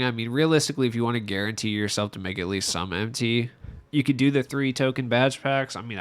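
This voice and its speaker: A young man talking through a gaming video with a nasal, allergy-stuffed voice, rambling and poking fun at himself. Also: medium pitch. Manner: rambling and self-mocking, with frequent likes. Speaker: gaming YouTuber. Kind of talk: casual gaming commentary. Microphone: voice-over without face cam.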